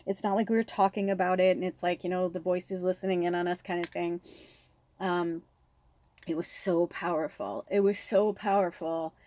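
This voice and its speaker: A woman in her thirties, a spiritual reader, telling a personal story with shaky, tearful excitement and lots of "like.". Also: lowish voice, moderate pace. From Pacific Northwest.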